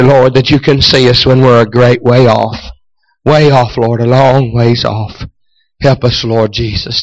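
A male preacher giving an impassioned sermon, telling stories with frequent amens and hallelujahs, swinging between hushed narration and shouted cries. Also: mid-range voice, lo-fi sound.

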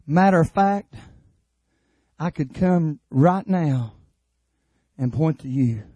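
A man preaching a sermon at a youth camp in an impassioned way, building from quiet appeals to shouted cries. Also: on the high side, lively intonation, takes it slowly, husky, dry recording.

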